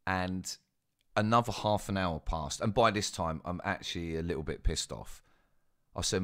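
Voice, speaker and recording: Deep-voiced man telling a story. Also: normal speed, fairly bright tone. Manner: chatty, self-mocking, asides to listeners. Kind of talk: casual spoken anecdote.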